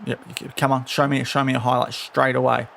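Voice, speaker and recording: A man's voice: medium pitch, little pitch movement, fairly quick, vocal fry, fairly bright tone. A young man streaming a football management game, talking casually and scolding his virtual players in exasperation. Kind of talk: casual live-stream commentary.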